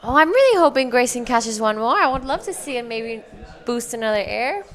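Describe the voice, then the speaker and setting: A woman's voice: a little high, sing-song, fairly quick. A woman co-commentating a surf contest live, describing each wave fluently and in detail.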